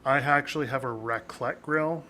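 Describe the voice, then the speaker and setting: A man's voice: mid-range voice, normal speed, pushed and bright, a little hiss or hum. A man co-hosting a podcast, chatting casually and rambling, with some swearing. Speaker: podcast co-host. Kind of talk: casual chat.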